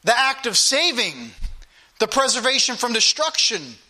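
A man's voice: very high-pitched, very animated, measured pace, sharp tone. A man preaching a sermon with emphatic, repetitive delivery and direct appeals to the congregation.

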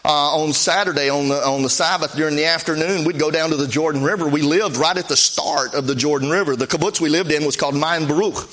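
A man preaching a sermon in a conversational, storytelling way, his pitch swinging up and down as he recounts events. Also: fairly bright tone. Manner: conversational, pitch swings up and down while telling stories.

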